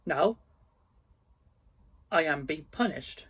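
A man's voice: on the high side, lively intonation, extremely slow, a bit bright, a little hiss or hum, full character voice. A man voicing the solemn ghost of a doomed old man, delivering warnings.

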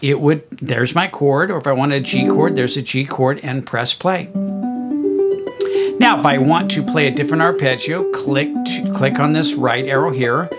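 A man teaching music, walking through a software tutorial in a friendly, explanatory way with plenty of okays and ums. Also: mid-range voice, normal speed. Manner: friendly, explanatory, fillers like okay and um. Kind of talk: screen-recorded software tutorial.

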